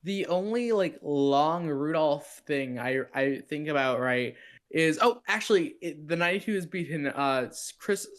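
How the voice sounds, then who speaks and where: A man's voice: fairly high pitch, lively intonation, unhurried. A man appearing as a guest on a podcast in casual chat. He talks hesitantly, with many ums and restarts.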